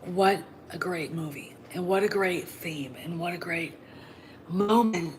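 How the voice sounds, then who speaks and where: Blunt, animated woman host, low-pitched. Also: a little slow, slight background noise, low-quality recording. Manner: animated, blunt, swears freely, many fillers. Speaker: podcast host. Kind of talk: opinionated solo talk.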